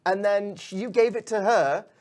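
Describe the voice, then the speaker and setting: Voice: mid-range voice, moderate pace, a little mellow, pitched above the performer's own voice, lightly acted. A game master voicing a confused man who has lost his memory, talking in a bewildered, defensive way.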